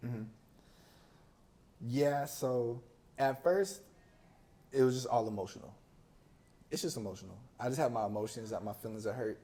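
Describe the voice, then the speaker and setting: Man telling a story casually. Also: medium pitch. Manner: animated, slangy, acts out quoted voices. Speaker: podcast guest.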